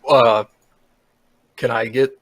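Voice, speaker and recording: A man's voice: mid-range voice, steady tone, slow pace, a bit bright, husky, no room sound. A man playing a tabletop game, hesitant and opening his turns with "uh". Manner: hesitant, starting with "uh". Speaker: player. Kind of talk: casual tabletop play.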